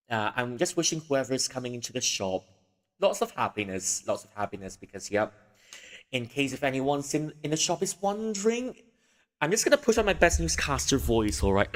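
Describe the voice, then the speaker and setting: A male livestream host chats slowly and casually at a mid pitch, rambling and giggling through his thoughts. His voice trails off in a long reverb. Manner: rambling, giggly, full of fillers.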